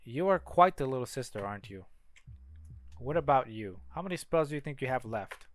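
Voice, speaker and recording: A man's voice: mid-range voice, animated, fairly quick, dry recording, lightly acted. A man voicing a cocky young male mage who teases his little sister, in a strange made-up accent. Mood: teasing. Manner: odd put-on accent, teasing.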